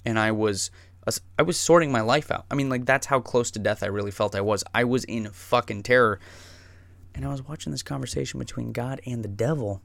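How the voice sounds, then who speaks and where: A man with a gravelly, creaky voice tells a wild personal story in a loose, rambling way, swearing freely. His voice sits at an ordinary pitch, and the recording is close and dry, with no room sound. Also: brisk, no echo. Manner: profane, rambling, excitable.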